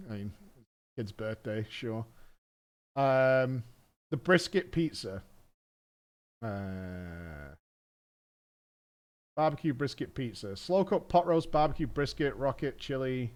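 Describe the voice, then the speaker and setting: Streamer, male, thirties; lively, animated, chatty and blunt, prone to swearing. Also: medium pitch. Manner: rambling, swears casually, reads a menu aloud with asides. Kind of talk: casual chat while gaming.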